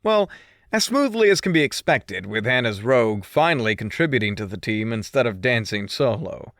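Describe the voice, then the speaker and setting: A man's voice: mid-range voice, very animated, moderate pace, fairly bright tone, dry recording, studio quality. Man narrating a teasing audiobook. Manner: teasing, mischievous. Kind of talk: first-person scripted narration.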